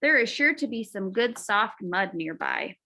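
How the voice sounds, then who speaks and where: A woman's voice: medium pitch, lively intonation, unhurried, bright, forceful tone, full character voice. A woman voicing a small, stubborn, cheerful male pig while reading a storybook aloud. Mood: delighted.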